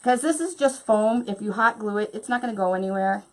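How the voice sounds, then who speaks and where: A woman's voice: mid-range voice, a little fast. Bubbly lady walking thru a craft project, talks the whole time she works, bit of hiss behind. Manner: chatty, bubbly, talks while working. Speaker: craft tutorial host. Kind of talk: hands-on craft demonstration.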